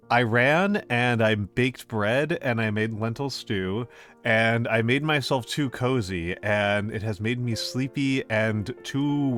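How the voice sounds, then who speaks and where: Low-voiced man chatting to his stream. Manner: rambling, repeats phrases, gently playful. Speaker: VTuber streamer. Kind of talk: casual chat with live viewers.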